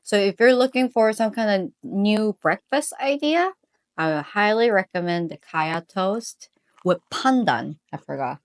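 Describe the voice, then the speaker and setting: A woman's voice: medium pitch, lively intonation, measured pace. Young woman casually wrapping up a vlog. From United States. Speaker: vlogger. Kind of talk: casual cooking vlog chat.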